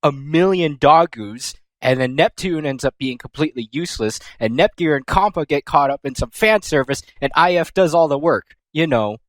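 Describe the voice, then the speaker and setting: A man's voice: on the high side, expressive, normal speed, hardly any pauses, fairly bright tone, no echo. A young man giving a crude, sarcastic comedic recap of an anime, full of profane asides.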